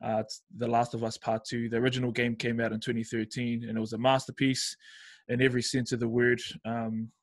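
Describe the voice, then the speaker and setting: A man's voice: medium pitch, little pitch movement, a little fast. A man with a New Zealand accent hosting a podcast, laid-back and asking his guest questions casually. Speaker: podcast host. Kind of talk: casual chat.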